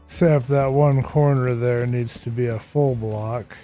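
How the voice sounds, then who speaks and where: Warm and steady, a medium-pitched male voice speaks a little slowly in casual live-stream commentary. He's a worn-out Minecraft streamer rambling as he builds, greeting chat with game music in the background.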